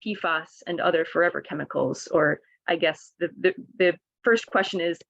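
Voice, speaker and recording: A woman's voice: on the low side, moderate pace, vocal fry, fairly bright tone, highs cut off. A woman moderating the questions of a webinar over a video call, friendly and lightly joking.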